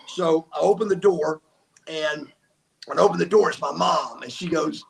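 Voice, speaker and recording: Gravelly man telling wild stories. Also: on the high side, moderate pace, a little hiss or hum. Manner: emphatic, acts out quotes. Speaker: guest, former wrestler. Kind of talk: animated storytelling.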